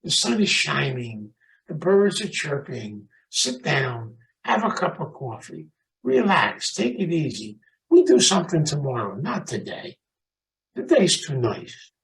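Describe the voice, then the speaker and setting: A man putting on the voice of an easygoing older male Jesuit teacher with a Belgian accent, slow and soothing. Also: a little high, creaky, distant mic, heavily acted, rough recording. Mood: laid-back. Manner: relaxed, unhurried, soothing.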